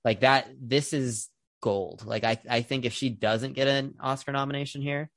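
A man hosts a film podcast, chatting casually about movies with plenty of fillers. His voice is medium-pitched and fairly bright, with fairly even intonation and a moderate pace. The studio recording is clean, with no echo.

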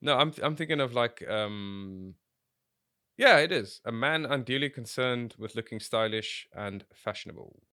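A man's voice: mid-range voice, measured pace, no room sound, studio quality. A man co-hosting a casual film podcast, laughing and swearing as he talks. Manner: laughing, swearing, lively asides. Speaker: podcast co-host.

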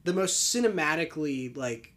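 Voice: medium pitch, animated, normal speed. Rambling, filler-heavy podcast co-host. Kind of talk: casual movie review chat.

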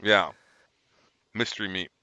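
तीस के दशक का एक आदमी, सेना का पूर्व सैनिक, जो खुलकर गालियों के साथ भटकती हुई कहानियाँ सुनाता है।. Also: male voice, sits low, measured pace, pushed and bright, no echo, low-quality recording. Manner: rambling, profane storyteller. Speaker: military veteran guest. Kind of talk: casual chat.

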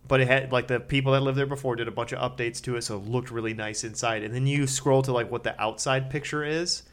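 A man co-hosting a casual conversation. He asks quick questions and slips in self-deprecating jokes. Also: medium pitch, fairly even intonation. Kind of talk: casual chat.

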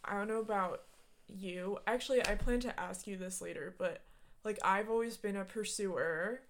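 A young woman hosting a casual chat, playful and quick, often slipping into silly voices. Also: medium pitch, a little hiss or hum. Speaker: podcast host.

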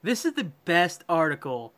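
Animated, bright-voiced podcast co-host. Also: medium pitch, normal speed. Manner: profane, incredulous, laughs often; reads a news article aloud. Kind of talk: casual comedic chat.

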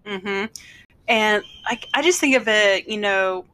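A woman co-hosting a podcast in casual chat, telling jokes and acting out quick voices. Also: mid-range voice, pushed and bright. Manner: storytelling, acts out voices in jokes. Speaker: podcast co-host.

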